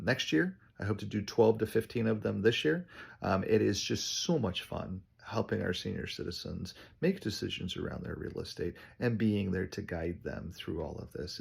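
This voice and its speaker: Man, realtor, casual vlog talk, gravelly husky low voice, chatty with ums. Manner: chatty storytelling with many ums.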